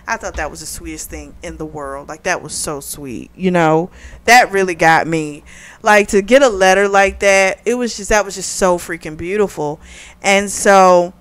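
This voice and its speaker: A woman's voice: lowish voice, normal speed. A woman hosting a casual book review, retelling the plot in a chatty way with lots of "like" and "you know.".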